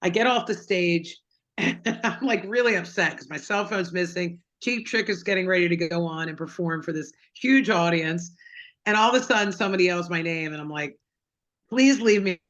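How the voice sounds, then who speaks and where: A woman's voice: lowish voice, moderate pace, fairly bright tone, highs cut off. A middle-aged woman singer-songwriter, chatting as an interview guest, telling stories with lots of fillers. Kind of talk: casual interview chat.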